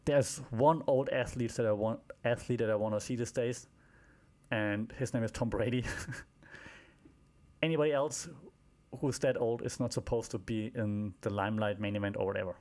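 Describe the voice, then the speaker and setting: A man's voice: medium pitch, fairly even intonation, moderate pace, a little mellow. A man hosting a wrestling podcast, recapping shows in a casual, rambling way with many fillers, restarts and wry asides.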